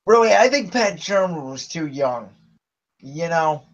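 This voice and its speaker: A man with a fairly high voice hosts a casual sports podcast and states his opinions emphatically. His sound comes through dull and lo-fi, with the top end missing. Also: lively intonation, measured pace. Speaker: podcast host.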